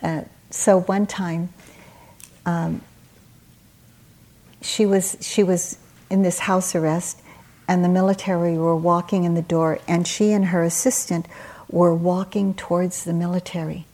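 A woman meditation teacher giving a dharma talk at a retreat, telling stories in a gentle, unhurried way with soft pauses. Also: on the low side, little pitch movement.

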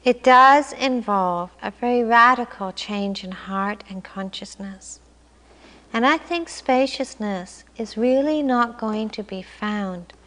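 A woman meditation teacher giving a calm, reflective dharma talk. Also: mid-range voice, big-room sound. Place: meditation hall.

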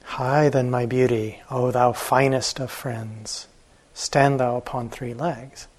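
A man voicing a gentle, devoted young elephant keeper who speaks softly and earnestly, with a husky voice. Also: medium pitch, fairly even intonation, slow. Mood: tender. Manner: soft, tender and earnest.

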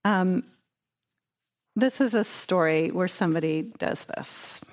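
A woman's voice: fairly low pitch, slow. A woman meditation teacher giving a dharma talk at a retreat, conversational and playful as she tells stories. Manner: conversational, warm, playful storytelling.

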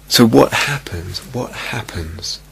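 A man giving a meditation teaching in a reflective, unhurried way, softly repeating key phrases. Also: medium pitch, creaky, slightly rough. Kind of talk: dharma talk. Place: retreat meditation hall.

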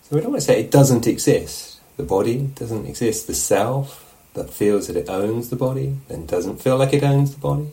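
A man teaching meditation, giving a relaxed, musing dharma talk at a retreat and often checking in with his listeners. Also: medium pitch, normal speed, few pauses, low-quality recording. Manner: reflective, musing, asks questions of the listeners. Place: meditation hall.

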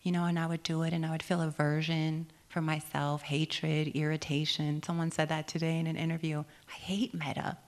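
A woman meditation teacher gives a dharma talk on retreat, her voice sitting a little low. She speaks gently and reflectively, asks many questions and laughs easily. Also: monotone, a little fast, few pauses, background noise.

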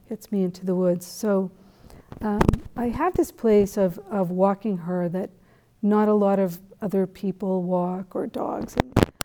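A middle-aged woman from New England giving a dharma talk, telling a personal story in a conversational, animated way with asides. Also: medium pitch, noisy background. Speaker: meditation teacher.

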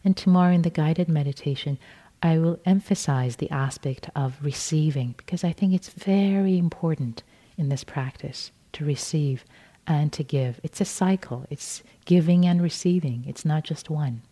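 A woman meditation teacher giving a dharma talk at a retreat, speaking gently and unhurriedly, repeating words softly and often restarting phrases. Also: deep voice, normal speed.

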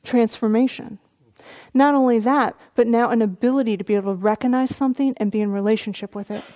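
A middle-aged woman, a meditation teacher, giving a dharma talk at a retreat, telling a story gently with soft laughs. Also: fairly high pitch, steady tone, fast.

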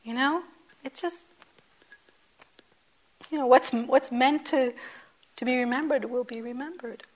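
A woman meditation teacher giving a gentle, conversational dharma talk to a group, with many soft asides and some phrases dropped to a whisper. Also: high-pitched, measured pace, pauses often.

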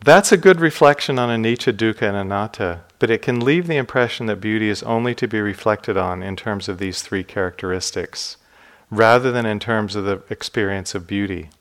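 Low-voiced man giving a gentle talk. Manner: unhurried storytelling, phrase ends drop soft and low; gentle, reflective delivery. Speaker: meditation teacher. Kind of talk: dharma talk with personal stories.

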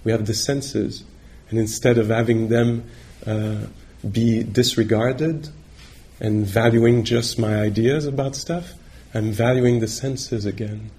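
A male meditation teacher giving a dharma talk on retreat, gentle and reflective, pausing often as he searches for words. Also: on the low side, steady tone. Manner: halting, searching for words with many pauses.

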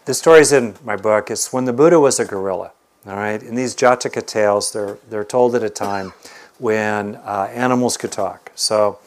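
Man telling a teaching story. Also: mid-range voice. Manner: animated storyteller. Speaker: meditation teacher. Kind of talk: dharma talk with storytelling.

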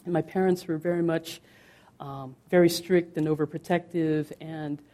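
Low, mellow-voiced middle-aged woman. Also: fairly even intonation, moderate pace. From United States. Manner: conversational and candid, with many fillers. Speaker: meditation teacher. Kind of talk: dharma talk.

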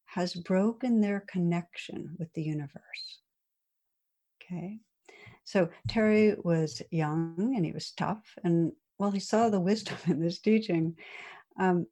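A woman meditation teacher telling a story in a dharma talk, gentle and unhurried, with soft pauses. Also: on the low side.

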